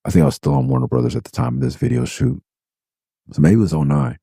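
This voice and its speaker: A middle-aged man from California hosting a podcast, telling stories in a profane, animated, heated way. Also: low-pitched, fast, creaky, slightly rough, dry recording, clean studio sound. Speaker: podcast host. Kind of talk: casual storytelling monologue.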